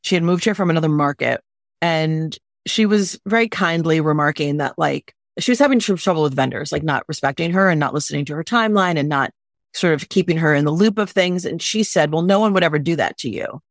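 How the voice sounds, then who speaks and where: Woman guest on a podcast, lively and emphatic, acts out quotes, dry close sound. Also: deep voice, brisk, no echo. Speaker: guest, wedding planner. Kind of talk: casual podcast chat. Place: lives in Los Angeles.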